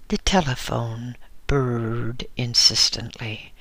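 A man narrating a story in a measured, deliberate reading. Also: medium pitch, gravelly, bright, forceful tone, no room sound.

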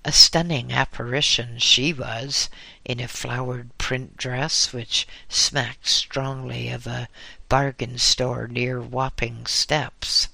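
Guy reading a story, slow and wry, bright voice, dry close sound. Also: mid-range voice, flat delivery, gravelly, dry recording. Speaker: narrator. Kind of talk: storybook narration.

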